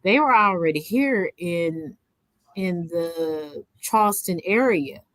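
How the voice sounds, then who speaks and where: A woman's voice: lowish voice, expressive, takes it slowly, fairly bright tone, no room sound. A woman hosting a live stream, chatting casually and curiously with a caller about culture. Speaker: streamer host.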